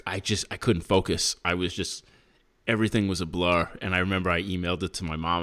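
A young man with a fairly low voice tells a story in easygoing podcast chat. He gets animated when he acts out his own past shouting. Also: fast. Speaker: podcast co-host.

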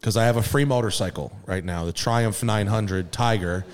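A man in a podcast conversation telling an animated, rambling story and laughing often. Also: fairly low pitch, normal speed, big-room sound. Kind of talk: casual storytelling.

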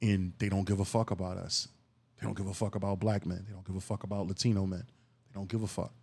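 A man's voice: low-pitched, little pitch movement, fast talker, gravelly, a little mellow, breathy edge. Profane, emphatic Philly man on a podcast. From Philadelphia. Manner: profane, emphatic street talk with rising outbursts. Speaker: podcast host. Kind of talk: casual solo podcast monologue.

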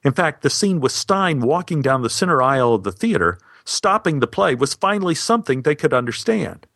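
A man telling a personal anecdote with wry, deadpan humor. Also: a little high, fairly quick, dry recording, studio quality. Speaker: storyteller. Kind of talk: personal storytelling.

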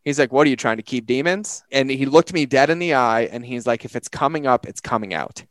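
A man in recovery chatting on a podcast, telling personal stories with lively acted-out quotes. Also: mid-range voice, brisk, dry recording. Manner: animated storyteller, acts out quotes. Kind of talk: casual conversation.

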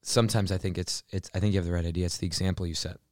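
A man's voice: low-pitched, steady tone, racing, a little mellow, no room sound, studio quality. A man co-hosting a podcast, talking in a casual, reflective and thoughtful way. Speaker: podcast co-host. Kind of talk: casual chat.

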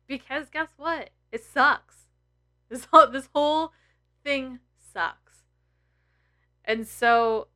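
Bright-voiced woman in her thirties, swearing freely. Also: on the high side. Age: 30s. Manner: emotional, blunt and heavy on swearing. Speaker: tarot content creator. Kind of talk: candid personal vlog.

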